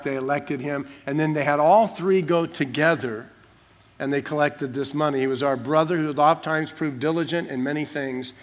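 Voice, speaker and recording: Emphatic higher-voiced preacher. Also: male voice. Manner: emphatic, repeats phrases for stress. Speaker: pastor. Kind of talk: sermon explaining a Bible passage verse by verse. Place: church sanctuary.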